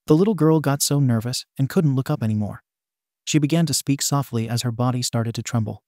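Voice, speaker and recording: A man narrating a fan fiction story in a steady, even manner. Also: mid-range voice, a little fast, no echo, studio quality.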